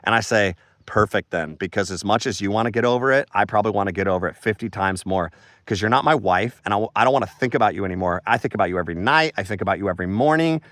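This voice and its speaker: A man's voice: fairly low pitch, rapid-fire, a bit bright, no echo. A man giving a frustrated, rambling monologue on his farm, emphatic and casual, calling people "bro". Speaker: farmer vlogger. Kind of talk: casual ranting monologue to camera.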